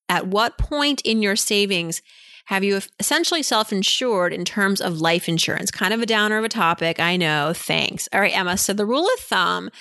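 A woman's voice: medium pitch, sharp tone, no echo, clean studio sound. A woman hosting a personal finance podcast, answering listener questions in a chatty, frank way with lots of "you know" fillers.

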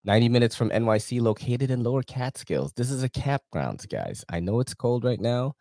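A man's voice: mid-range voice, sing-song, fairly quick, mellow, no echo, studio quality. A man hosting a podcast, reading sponsor ads in a casual, slangy, profane way. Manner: slangy, profane and laid-back, laughs often. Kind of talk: casual chat.

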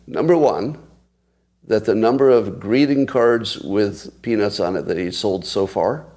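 Low gravelly man telling stories. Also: darkish tone. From United States. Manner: chatty, laughs at own stories, asides to viewers. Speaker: podcast host. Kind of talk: casual livestream storytelling.

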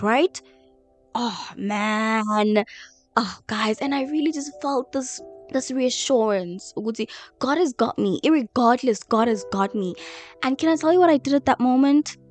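A woman sharing a personal faith testimony in a chatty, emotional way, with a lot of "like". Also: sits high. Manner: emotional, chatty, heavy use of "like". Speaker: vlogger.

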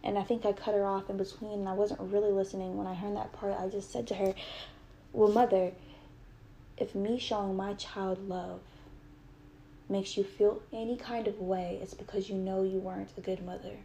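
Brief: young woman, gravelly voice, earnest storytime, faint room hum. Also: mid-range voice, level tone, normal speed, warm tone. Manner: earnest, heated retelling with quoted dialogue. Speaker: mother telling a personal story. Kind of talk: emotional personal storytime.

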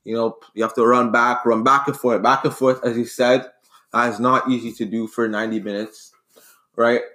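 A man making his case in a casual sports debate, earnest and rambling, often restarting his sentences. His voice sits at an ordinary middle pitch. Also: level tone, moderate pace, bright, forceful tone. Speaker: debate co-host.

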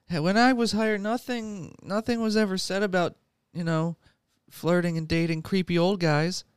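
A man voicing an indignant young woman assistant, raising his voice high while retelling a movie. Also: fairly even intonation, moderate pace, clean tone, no echo, studio quality, natural voice.

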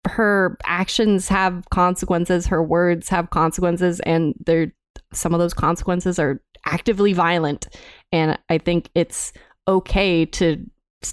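A woman on a podcast, talking slowly in a lowish voice. She is thoughtful and relaxed, with small filler restarts. The sound is close and dry. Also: clear, resonant tone, no room sound. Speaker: podcast co-host. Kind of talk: casual podcast chat and sign-off.

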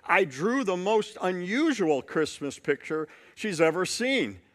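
A man putting on an excited little girl. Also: sits high, a little slow. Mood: excited, impatient.

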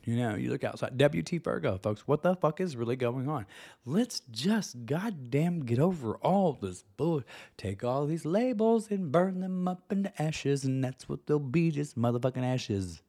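A man hosting a solo podcast, ranting with lots of swearing and sudden high-pitched squeals. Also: animated, moderate pace, mellow. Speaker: podcast host.

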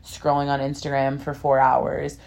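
A woman's voice: very deep voice, completely flat delivery, moderate pace, creaky, a little mellow. A young woman co-hosting a podcast, talking candidly in a rambling, filler-heavy way. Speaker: podcast co-host. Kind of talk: casual chat.

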